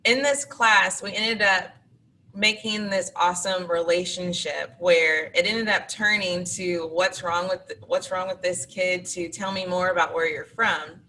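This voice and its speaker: Bright-voiced woman telling stories. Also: fairly low pitch, steady tone, unhurried. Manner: chatty anecdotal, acts out students. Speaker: teacher guest. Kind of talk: interview storytelling. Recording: distant mic with faint background noise.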